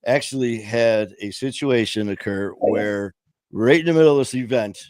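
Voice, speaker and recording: A man hosts a casual streamed interview at a middle pitch. He rambles through long sentences with fillers and restarts. His voice sounds dry and close. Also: moderate pace, a little mellow, dry recording. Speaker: host. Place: home studio on a live stream call.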